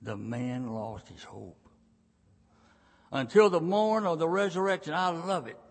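A gravelly, husky older man preaches slowly and deliberately. He tells the story in a folksy, dramatic way, swinging from loud bursts to near-whispers. His voice rings with the long reverb of a large church. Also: on the high side, expressive. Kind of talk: sermon. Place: church sanctuary.

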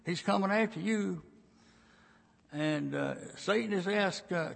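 A man in his sixties preaching a sermon in a church, telling the story in a folksy, dramatic way that swings between loud and hushed passages. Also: high voice, animated, unhurried, creaky, breathy edge. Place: church sanctuary. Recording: long reverb of a large church.

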